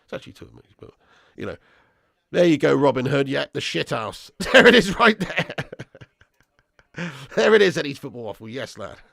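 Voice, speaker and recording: A man's voice: fairly high pitch, very animated, moderate pace, vocal fry, pauses often, a bit bright, no echo, studio quality. A young man hosting a football watch-along, reading out live chat with swearing banter and calling viewers lad and bro.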